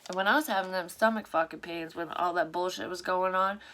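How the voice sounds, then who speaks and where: A woman's voice: lowish voice, a little fast, a bit bright. A woman who works as a psychic medium reads a story aloud and breaks off often for frank, rambling asides full of swearing. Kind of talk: reading a story aloud with casual commentary.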